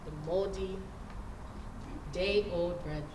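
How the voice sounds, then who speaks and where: A woman's voice: fairly low pitch, steady tone, very slow, background noise. A woman telling an earnest, reflective personal story at a story slam. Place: stage in a large hall. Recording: echoey hall, picked up from a distance.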